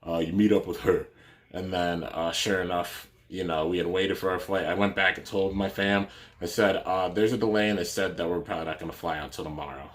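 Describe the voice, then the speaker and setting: Low-voiced male YouTuber, casual rambling storyteller. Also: steady tone, fairly quick, a bit bright. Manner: rambling, many fillers and restarts.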